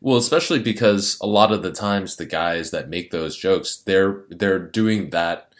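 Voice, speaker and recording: A man's voice: sits low, unhurried. A man in a casual podcast chat, explaining things in a matter-of-fact way.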